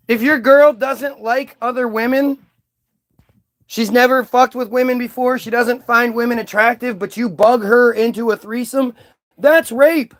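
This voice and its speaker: A man's voice: very high voice, steady tone, unhurried, a bit bright. A man hosting a livestream, ranting casually to his chat in a heated, profane way with many restarts. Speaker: livestream host. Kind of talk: casual rant to a live chat.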